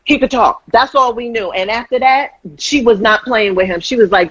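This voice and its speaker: Husky woman telling lively stories. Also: fairly high pitch, moderate pace, few pauses, no echo, highs cut off. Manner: animated storyteller, acts out quotes. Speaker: host. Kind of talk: casual chat.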